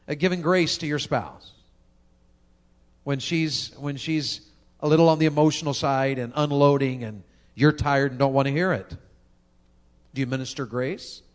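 A man preaching a sermon, driving his points home with rhetorical questions. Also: a little high. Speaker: pastor.

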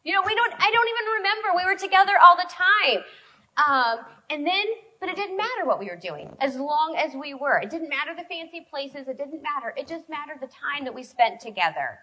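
A woman preaching a sermon in a conversational, storytelling way, with sudden swings in loudness. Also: high voice, sing-song, a little fast, poor audio. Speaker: preacher speaking to a women's group.

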